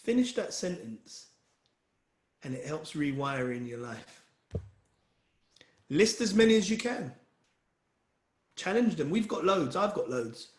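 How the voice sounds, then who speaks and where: A man with a fairly high voice gives an earnest motivational talk and keeps turning to his listeners to encourage them. His voice carries a noticeable echo from the room. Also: sing-song, takes it slowly, pauses often. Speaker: wellbeing speaker leading a session.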